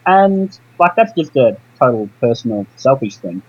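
Brief: male co-host, husky, animated pitch, lo-fi sound. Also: moderate pace. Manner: hesitant, questioning. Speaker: podcast co-host. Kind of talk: casual podcast chat. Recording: dull lo-fi mic.

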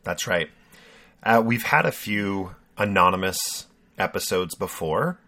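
A man co-hosts a podcast in relaxed, teasing conversation, wandering through his thoughts. His voice sits a bit low but comes across bright and forward. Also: a little slow. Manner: jokey, rambling, teasing. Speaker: podcast co-host. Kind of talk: casual chat.

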